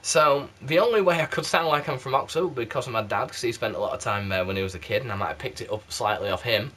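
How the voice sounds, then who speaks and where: A candle reviewer on YouTube, this man from South Yorkshire speaks fast with a sharp tone in a mid-range voice. His muddled northern accent carries a rambling, self-deprecating chat to camera, recorded on a PlayStation camera mic.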